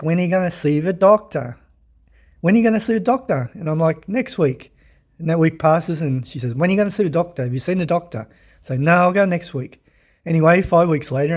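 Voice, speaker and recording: A middle-aged Australian man with a croaky voice, rambling in a casual collector's vlog, clearing his throat often. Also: mid-range voice, mellow. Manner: rambling, friendly, many ums and uhs, throat clearing. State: hoarse, croaky from illness. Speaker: diecast collector vlogger. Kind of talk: casual show-and-tell vlog.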